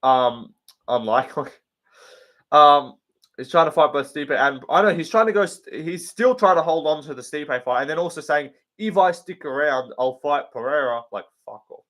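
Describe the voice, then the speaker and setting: A man's voice: a little high, moderate pace, fairly bright tone. A man hosting a casual live show, answering viewer questions in a blunt, sweary and rambling way with many ums and likes. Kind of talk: casual livestream chat.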